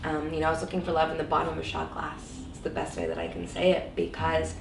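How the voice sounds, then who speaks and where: Low-pitched and flat, with vocal fry and a quick pace, this woman shares her own story as an interview guest, earnest and reflective and peppered with "you know." She sits far from the mic amid a noisy background, with roomy echo and faint ambience.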